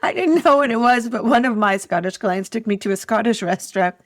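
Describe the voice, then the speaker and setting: Podcast co-host, woman, fairly high and dry-miked, giggly, self-deprecating storyteller. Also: lively intonation, a little fast, dry recording. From Ireland. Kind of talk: casual chat.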